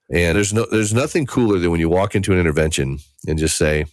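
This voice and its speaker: Deep-voiced earnest male interventionist. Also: fast, few pauses, dry recording, clean studio sound. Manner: earnest, animated, acts out quoted family members. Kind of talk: conversational interview answer.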